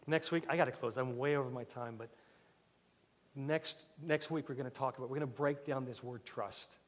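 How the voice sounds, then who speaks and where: A male pastor giving a sermon, telling a personal story with animated swings between loud and soft. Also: fairly high pitch. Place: church sanctuary. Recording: church hall with long reverb.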